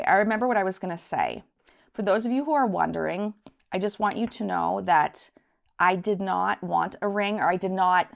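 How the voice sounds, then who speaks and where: A woman's voice: medium pitch, gravelly. A woman vlogger telling a casual story time to her viewers, chatty and rambling, acting out the voices in her anecdote. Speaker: budgeting channel host.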